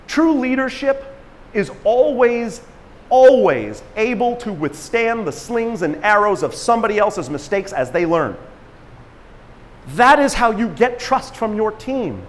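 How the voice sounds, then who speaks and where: A man giving an energetic motivational talk at a conference, acting out quotes and laughing at himself as he tells stories. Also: sits high, measured pace, in a large hall. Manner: animated storyteller, acts out quotes, laughs at himself. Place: conference stage in a large hall.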